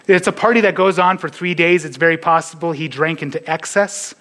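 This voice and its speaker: A pastor preaching a sermon to his church, earnest and sometimes dropping to a hush on key points. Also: on the high side, fairly even intonation, a little fast.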